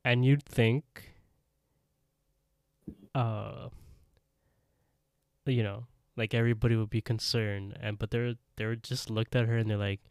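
Low-voiced man retelling a story. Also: a little slow, long pauses, clear, resonant tone, no echo, clean studio sound. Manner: animated storytelling, laughs often. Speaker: podcast co-host. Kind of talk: casual chat recapping an anime episode.

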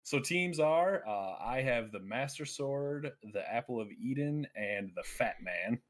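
A man hosts a casual gaming podcast at an even middle pitch. He runs the segments and reads the chat, and he laughs often. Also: a little slow. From United States. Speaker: podcast host.

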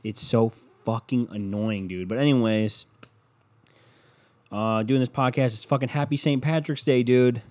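A man's voice: medium pitch, unhurried. A young man hosting a podcast at home, ranting casually with lots of swearing and rambling asides. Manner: profane, rambling, loud. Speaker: podcast host. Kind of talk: casual rant monologue. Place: room at home.

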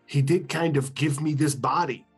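A man's voice: a little high, moderate pace, slightly rough, faint music behind. A man in a casual tabletop-game podcast, talking in a rambling, hesitant way with frequent laughs.

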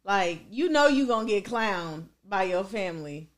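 A woman's voice: mid-range voice, animated, normal speed. A young woman, arguing her point at length in a casual chat. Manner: argumentative, explains at length.

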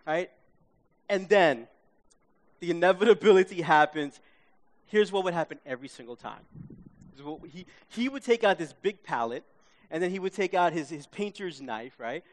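A man from Queens, telling an animated story to a live audience, acting out his own reactions and checking in with listeners. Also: high-pitched, normal speed. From Queens, New York. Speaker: speaker.

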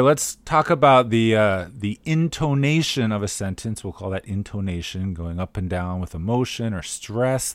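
A man co-hosting a podcast, explaining things clearly with a dry sense of humor. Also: fairly low pitch, dry recording. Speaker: podcast co-host. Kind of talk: casual podcast chat.

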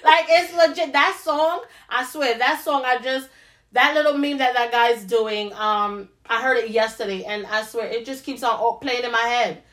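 A woman in casual chat, blunt and animated, with a lot of profanity. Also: fairly high pitch, moderate pace.

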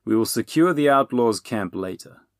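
A man's voice: medium pitch, expressive, no room sound, clean studio sound, voice pushed up, natural voice. Man voicing an oily, silky sorcerer. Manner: silky, slow and greasy. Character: oily scheming male sorcerer, smooth and sinister.

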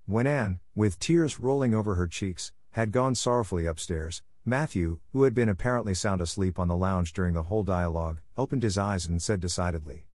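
A man narrating a novel as an audiobook reader, in a measured storytelling manner. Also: low-pitched, a little mellow, dry recording, clean studio sound. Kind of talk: scripted narration.

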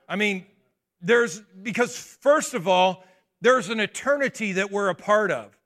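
High-voiced, bright preaching man. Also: animated, a little slow. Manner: emphatic preaching with rhetorical questions to the congregation; conversational asides and restarts. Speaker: pastor. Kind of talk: sermon.

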